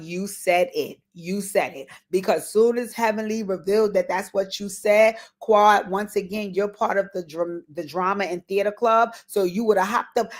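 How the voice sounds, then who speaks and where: A woman's voice: medium pitch, moderate pace. A woman giving a casual recap commentary, blunt and profane, who repeats herself for emphasis and talks straight to the people she discusses. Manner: animated, repeats words for emphasis. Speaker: reality TV recap host.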